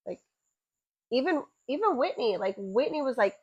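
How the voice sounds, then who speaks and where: A young woman co-hosting a podcast, telling stories with animated energy and frequent swearing. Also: high-pitched, moderate pace, pauses often, slightly rough, no echo, highs cut off. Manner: animated storytelling, often swearing and laughing. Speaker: podcast co-host, fighter's wife. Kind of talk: casual chat.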